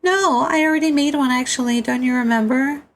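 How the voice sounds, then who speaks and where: A woman's voice: high voice, fairly quick, a little hiss or hum, voice pushed up. A man playing a chirpy young girl guide. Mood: cheerful instructing. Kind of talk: reading a webcomic aloud with voices.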